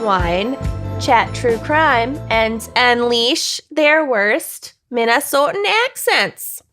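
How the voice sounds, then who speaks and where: Higher-voiced woman co-host, slow, lively, easygoing casual chat. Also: music in the background. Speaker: podcast co-host.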